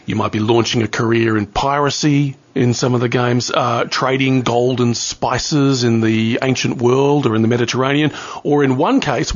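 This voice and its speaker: A man co-hosting a radio show, chatting casually with wry, brisk patter. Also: mid-range voice, dull audio. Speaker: radio co-host.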